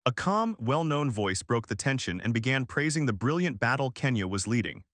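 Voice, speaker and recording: A man narrating a manga story recap in a steady, even storytelling delivery. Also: mid-range voice, moderate pace, no echo, studio quality.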